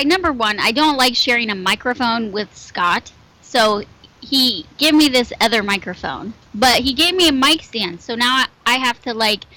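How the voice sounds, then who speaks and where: A woman's voice: a little high, pushed and bright, rough recording. A woman co-hosting a casual local radio show in a small studio, offhand and teasing. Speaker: radio co-host.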